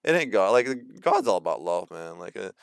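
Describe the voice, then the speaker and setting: Male, 30s, rambling casual rant, lots of fillers; low, smooth, dry close sound. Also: sing-song, brisk, no echo. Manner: rambling, with many fillers and restarts; acts out quoted voices mockingly. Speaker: video host. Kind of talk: casual ranting monologue.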